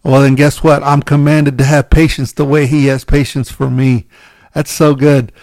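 A man's voice: medium pitch, level tone, moderate pace, darkish tone, dry recording. A man preaching a conversational sermon, candid and self-deprecating, often restarting his sentences and checking in with "right?".

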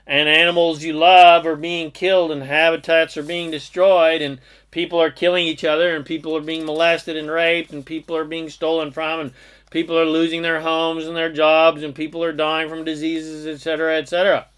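A man's voice: fairly high pitch, flat delivery, normal speed, fairly bright tone, clear, resonant tone. A man giving a motivational self-help talk, emphatic and stringing long lists of clauses together. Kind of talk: motivational monologue.

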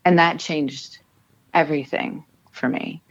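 A woman's voice: deep voice, fairly even intonation, slow, lo-fi sound, a little hiss or hum. A woman in her thirties, a military spouse and author, telling her family's story with earnest emotion and frequent restarts. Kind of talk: personal storytelling in an interview.

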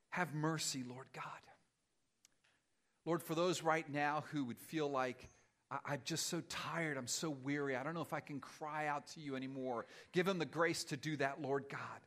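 A male pastor preaching and then leading a prayer, rising to loud fervent passages and dropping to hushed, whispered pleas. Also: a little high.

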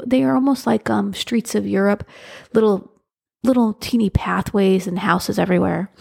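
A woman's voice: medium pitch, vocal fry, a little mellow, slightly rough. A woman hosting a podcast, speaking earnestly in casual solo talk, with frequent restarts as she tells a personal story. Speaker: podcast host.

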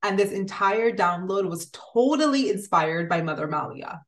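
A woman's voice: mid-range voice, expressive, moderate pace, a bit bright. A woman giving an earnest, motivational spiritual talk, speaking directly to the listener in repeated phrases. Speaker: spiritual content creator.

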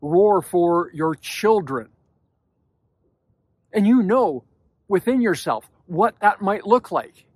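A man with a notably high voice giving a motivational podcast talk to men. He speaks emphatically and bluntly, dropping casual swear words. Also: expressive, takes it slowly, pauses often, a little mellow, breathy edge, no room sound. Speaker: podcast host.

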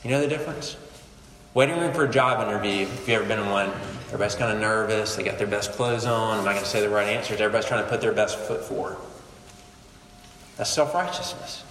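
A man's voice: lowish voice, fast. Man preaching in an echoey hall. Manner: animated, conversational preaching with sudden quiet drops. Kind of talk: sermon. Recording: echoey hall, faint room noise.

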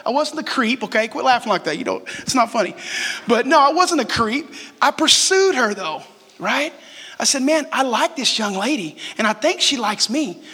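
High-voiced bright pastor in a reverberant hall. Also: male voice, husky. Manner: conversational, asks the crowd questions and jokes. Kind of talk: sermon. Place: church sanctuary.

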